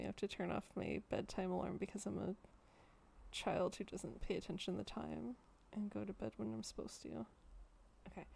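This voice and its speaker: A young woman streaming a story game, chatting casually with excitable, jokey, sweary asides. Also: mid-range voice, normal speed, gravelly.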